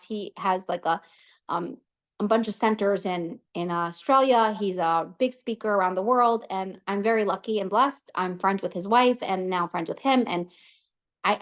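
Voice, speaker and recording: A woman in her thirties, hosting an online class and telling a personal story in a lively, chatty way full of asides. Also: medium pitch. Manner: animated, chatty, many fillers and asides. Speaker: class host.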